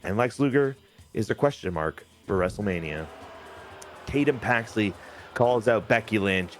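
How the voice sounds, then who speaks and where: A man recapping a wrestling game like a hyped-up commentator, fast and playful, spinning each match into a story. His voice sits a bit low. Soft music plays underneath. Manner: animated, jokey storytelling with quick asides.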